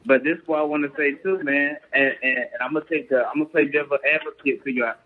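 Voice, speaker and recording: A professional boxer appearing as a guest talks fast in a fairly high, steady voice, chatting casually and earnestly. He keeps asking "you get what I'm saying" to check he's understood. The call sounds tinny over a phone line, with a loud crowd.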